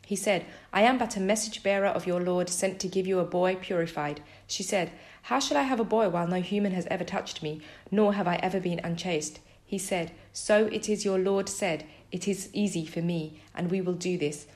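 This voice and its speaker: A woman reading a scripture translation aloud in a measured, even way. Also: fairly low pitch. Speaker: scripture reader.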